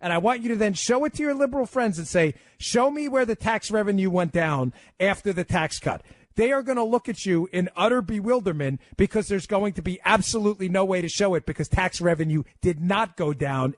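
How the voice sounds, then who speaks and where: Man, talk radio host, emphatic, lively swinging delivery, slightly high voice. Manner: emphatic, rapid-fire and animated.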